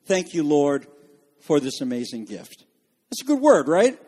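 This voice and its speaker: A man's voice: on the high side, big pitch swings, a little slow, dark tone, slightly rough. A man preaching a sermon, reading passages aloud and explaining them to his congregation. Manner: reads quotations aloud, then explains them. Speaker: pastor.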